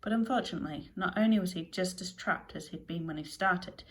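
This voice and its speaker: A woman narrates a children's adventure story in a somewhat low voice. Her reading is lively and expressive, leaning into the funny and tense parts. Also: slight background noise, low-quality recording. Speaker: audiobook narrator.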